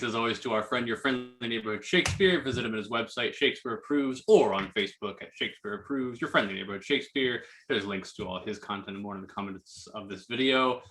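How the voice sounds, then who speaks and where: A man hosts an online play reading. He reads stage directions plainly in a bright voice at a middle pitch, then gives his thanks with casual fillers. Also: a little fast, few pauses, faint music behind.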